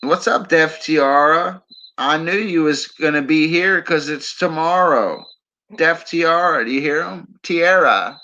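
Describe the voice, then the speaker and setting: In a laid-back late-night livestream, a man with a slightly high, pushed, bright voice takes his time, rambling and teasing the chat while chuckling often. The stream audio is somewhat dull and lo-fi, with crickets in the background.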